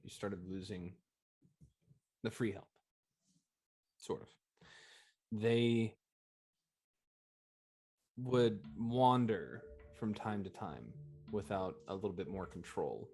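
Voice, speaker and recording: A man's voice: fairly low pitch, slow, pauses often, a little mellow, slightly rough, faint music behind. A man narrating a tabletop game as game master, in loose, filler-heavy speech.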